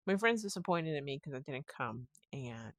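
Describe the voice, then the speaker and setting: On her own solo podcast, a woman tells a long, rambling story in a casual way, restarting sentences and retelling phone calls. Her voice rumbles low yet sounds fairly bright, very animated at normal speed, with no room sound.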